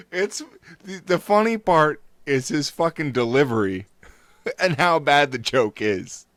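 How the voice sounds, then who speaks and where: A man's voice: fairly high pitch, animated, slow pace, pauses often, a bit bright, no echo. A man hosting a podcast in crude, sarcastic casual comedy chat on a close mic. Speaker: podcast host.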